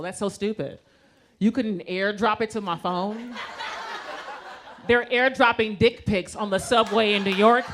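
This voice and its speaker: A woman's voice: a little high, a bit bright. Brash profane woman doing stand-up. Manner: brash, profane, conversational punchlines. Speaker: stand-up comedian. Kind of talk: stand-up comedy set. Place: comedy club stage with live audience. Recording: audience laughter and noise.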